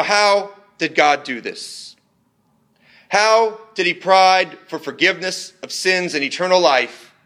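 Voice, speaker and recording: A man preaching a sermon in an earnest, measured way, slowing down for emphatic phrases. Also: high-pitched, pushed and bright.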